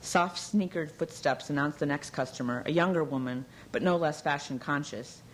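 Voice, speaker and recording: A woman narrating a novel aloud in a measured, even storytelling manner. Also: low-pitched, a little hiss or hum, rough recording. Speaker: audiobook narrator. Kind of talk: scripted narration.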